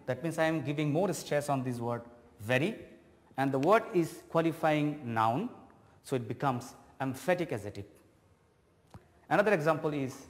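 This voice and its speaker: A man with a Bangladeshi accent teaching an English grammar lesson on TV, explaining slowly and deliberately to students. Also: a little high, big-room sound. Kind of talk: televised classroom lesson. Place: TV studio classroom.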